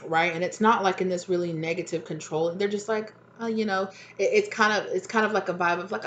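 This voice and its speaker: A woman's voice: lowish voice, steady tone, quick pace, hardly any pauses, lo-fi sound, a little hiss or hum. A woman reading tarot cards in a casual, chatty way, often checking in with "right?" and "exactly". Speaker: tarot reader.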